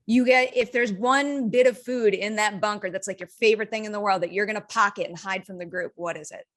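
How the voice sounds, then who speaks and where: Woman entertainment interviewer, breezy and playful, middle pitch. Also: a bit bright. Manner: chatty, playful, quick asides. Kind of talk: casual interview questions.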